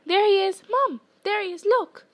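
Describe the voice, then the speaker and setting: A woman putting on a squealing excited little girl. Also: extremely high pitch, normal speed, pitched above the performer's own voice.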